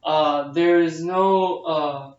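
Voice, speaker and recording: A man's voice: fairly high pitch, steady tone, very slow, a little mellow, highs cut off. Man narrating an exam, echoey distant audio. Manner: explains each step aloud, with frequent fillers. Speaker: nursing student. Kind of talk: narrated physical exam demonstration.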